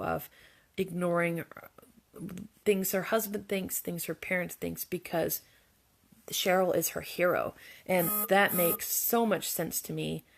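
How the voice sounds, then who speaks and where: A woman's voice: low-pitched, vocal fry. A woman hosting a casual spoken movie review, earnest and emphatic, often restarting her sentences. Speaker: video host and movie reviewer.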